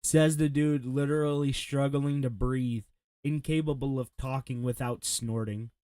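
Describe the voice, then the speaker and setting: A man's voice: medium pitch, fairly even intonation, measured pace, dark tone, no room sound. A man, a streamer, mocking a clip with sarcastic reaction commentary and laughing asides.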